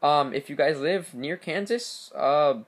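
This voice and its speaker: A man hosting a channel, casually reading a horror story aloud with frequent fillers and stammers. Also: on the high side. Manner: stammering, many fillers, fast reader. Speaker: channel host.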